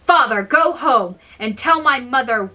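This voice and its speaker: A woman's voice: high voice, expressive, measured pace, bright, forceful tone, full character voice. A woman voicing a strong young male giant who talks firmly and plainly to his father in a storybook reading. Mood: demanding.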